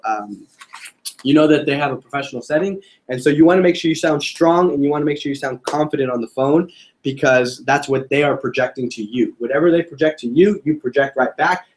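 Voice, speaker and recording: A young man giving a casual sales training talk to a group, joking and quizzing his listeners. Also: mid-range voice. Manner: casual, joking, addresses audience with questions.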